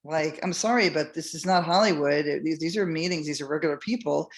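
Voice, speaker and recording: A middle-aged woman hosting a podcast tells a personal story in the first person, loosely and casually. She rambles with fillers and restarts and acts out what other people said, speaking a little fast in a low voice.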